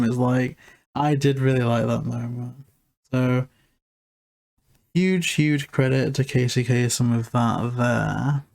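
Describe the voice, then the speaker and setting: A man's voice: mid-range voice, steady tone, a little slow, darkish tone. A man co-hosting a casual film review chat, rambling and filling his talk with "like". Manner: rambling, heavy use of filler "like". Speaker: podcast co-host reviewing a film.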